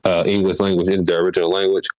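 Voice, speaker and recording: A man's voice: low-pitched, little pitch movement, rapid-fire, a little mellow, no echo, rough recording. A man in casual podcast chat, hesitant and thinking aloud as he answers. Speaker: podcast co-host.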